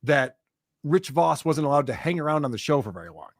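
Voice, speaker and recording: A man's voice: on the high side, sing-song, a little fast, dry recording, clean studio sound. A man who is a podcaster, defending himself in a combative, swearing way.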